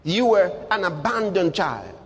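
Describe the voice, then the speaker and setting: A man preaching a sermon, emphatic and rhetorical, swinging between quiet asides and loud exclamations. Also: high-pitched, very animated, a little slow, husky. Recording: long hall reverb.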